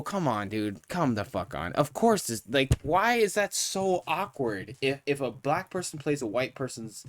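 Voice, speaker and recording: A man's voice: mid-range voice, very animated, measured pace, few pauses, no echo. A man streaming live, ranting in a profane, heated, rambling way while reviewing a show.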